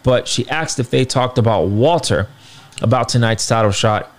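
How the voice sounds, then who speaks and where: A man's voice: medium pitch, moderate pace. A young man giving a casual, slangy spoken recap of a wrestling show, often checking in with listeners. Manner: loose slangy talk with fillers, asks listeners for agreement.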